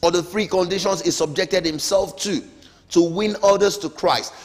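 A middle-aged man teaches a Sunday school Bible lesson emphatically, his calls rising and his amens falling. His high voice moves at a moderate pace, heard with long hall reverb and faint music.

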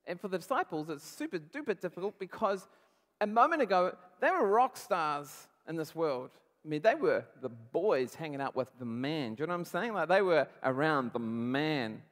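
A male pastor giving a conversational, animated sermon, acting out quotes as he goes. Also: fairly high pitch, normal speed, big-room sound.

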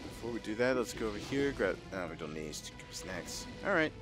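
A young man commenting on his gameplay, excitable and jokey, reacting loudly to what happens. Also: on the low side, fairly quick, music in the background. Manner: excitable, jokey, talks over the game. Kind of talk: let's-play commentary.

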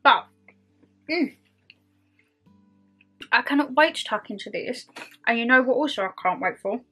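Bright-voiced chatty woman vlogger. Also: on the high side, expressive, a little slow, husky, faint music behind. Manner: chatty, self-mocking, talks with her mouth full. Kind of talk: casual chat to camera while eating.

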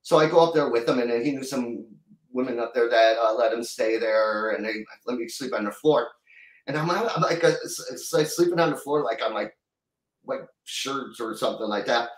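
A middle-aged man telling a long story as a guest in an interview, rambling and halting, with many restarts. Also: mid-range voice, roomy sound, recorded from a distance, rough recording. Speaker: guest musician.

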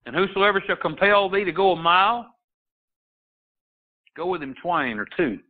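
A man's voice: high-pitched, lively intonation, normal speed. A man preaching a sermon as a pastor, rising into emphatic bursts and quoting scripture in old-fashioned wording. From Texas. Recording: tinny phone-line sound.

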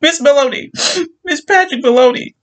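Sweet young housewife for a read-aloud story, high and chirpy, put on by a male narrator. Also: very animated, moderate pace. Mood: frantic, sobbing. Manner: high, sing-song and chirpy.

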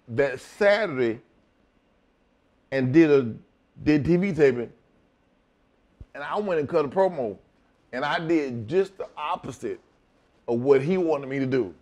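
A man's voice: a little high, a little mellow. A middle-aged man telling a story in a casual interview, profane and laughing, acting out both sides of each exchange. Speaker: wrestling guest telling stories.

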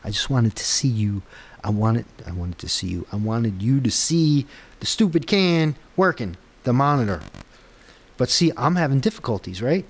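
A man's voice: mid-range voice, lively intonation, moderate pace, husky. A man testing his own app on camera, muttering to himself and rambling with frustrated, self-deprecating asides. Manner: muttering, frustrated, talks to himself while debugging. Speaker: app developer vlogger. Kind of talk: casual screen-recorded tech vlog.

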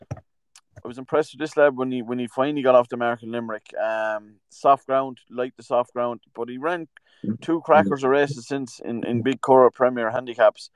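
A man co-hosting a casual horse racing preview, giving his picks in a relaxed, opinionated way. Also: medium pitch, clear, resonant tone, no echo. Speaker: racing tipster co-host.

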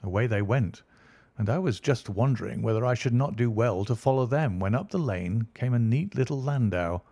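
A man narrating an audiobook in a measured storytelling delivery. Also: lowish voice, darkish tone, no room sound.

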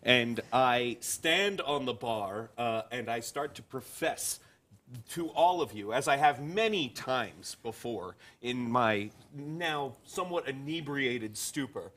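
A man's voice: medium pitch, animated, slow pace, fairly bright tone. A man playing a tabletop game, narrating what his character does. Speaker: player. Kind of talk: tabletop role-play narration.

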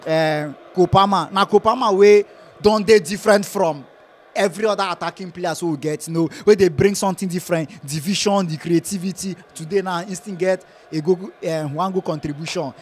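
A young man from Nigeria speaking Nigerian Pidgin English, giving a lively, laughing football match reaction. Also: sits high, brisk, a little hiss or hum. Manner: lively, laughs often, repeats phrases. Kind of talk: casual post-match chat.

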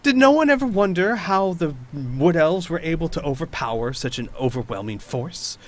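A man's voice: a little high, expressive, normal speed, voice pushed up, lightly acted. A man voicing a bitter, vengeful woman knight who spits out taunting words at an old friend.

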